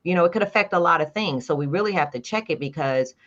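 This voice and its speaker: Animated woman telling her story, lo-fi. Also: low voice, fast. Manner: animated storyteller acting out quoted dialogue. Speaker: guest. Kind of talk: casual interview. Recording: dull lo-fi sound.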